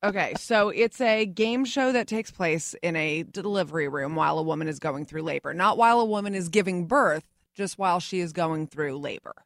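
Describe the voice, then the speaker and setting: Wry woman with a gravelly voice. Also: fairly low pitch, normal speed, hardly any pauses, no room sound, clean studio sound. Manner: wry, self-deprecating. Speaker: guest, game show host. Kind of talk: casual radio chat. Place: radio broadcast booth. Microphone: studio microphone.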